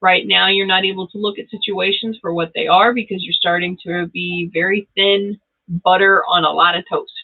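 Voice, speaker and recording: Tinny, phone-like sound carries the low-ish voice of a middle-aged woman doing a live tarot reading for her channel. Her intonation stays fairly even and her pace moderate as she chats and laughs frequently, addressing viewers directly.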